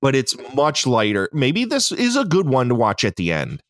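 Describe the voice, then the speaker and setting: A man's voice: medium pitch, wildly swooping pitch, moderate pace, a bit bright, no echo, studio quality. A man co-hosting a podcast, chatting casually and enthusiastically about a movie, swearing and laughing often. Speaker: podcast co-host. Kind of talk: casual film review chat.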